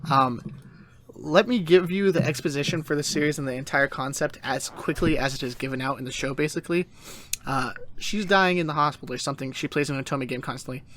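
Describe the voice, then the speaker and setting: A man's voice: medium pitch, a little hiss or hum. A man hosting a casual podcast, retelling an anime episode with goofy put-on voices. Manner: animated retelling with silly voices. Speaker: podcast host.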